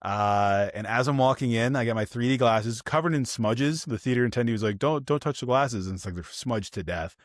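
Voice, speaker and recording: Man, podcast co-host, casual film chat, animated storyteller, mid-pitched voice, dry close sound. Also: a little fast, hardly any pauses, no room sound. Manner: animated storytelling, acts out quoted people.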